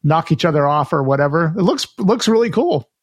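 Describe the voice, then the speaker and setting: Guy cohosting a retro game podcast, kinda high voice, loose and chatty, dry close sound. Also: fairly quick, no room sound. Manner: relaxed, chatty, reads listener news with asides. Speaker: podcast co-host. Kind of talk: casual retro gaming chat.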